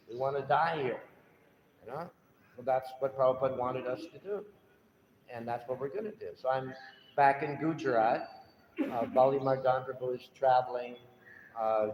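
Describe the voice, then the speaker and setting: An older man telling an emotional personal story to a temple audience, in a halting, heartfelt way. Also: mid-range voice, slight background noise. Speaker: guest speaker. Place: temple hall. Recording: echoey hall, dull lo-fi sound.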